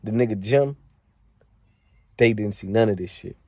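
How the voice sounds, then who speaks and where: Young male storyteller, lowish and mellow, loose slangy profane delivery full of fillers. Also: moderate pace, husky, no echo, studio quality. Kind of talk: casual spoken storytelling.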